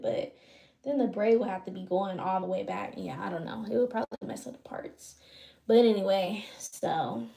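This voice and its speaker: A woman's voice: on the high side, gravelly, a little mellow. A woman livestreaming, chatting casually with her viewers while she braids her hair. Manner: loose, chatty, talks to viewers. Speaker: livestream host. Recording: roomy echo.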